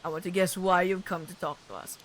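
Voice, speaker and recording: A woman's voice: on the low side, fairly even intonation, brisk, slight background noise, close to an everyday voice. A young woman reading a theatrical, pompous middle-aged man who fancies himself a detective, with a grandiose put-on British lilt. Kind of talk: reading game dialogue aloud.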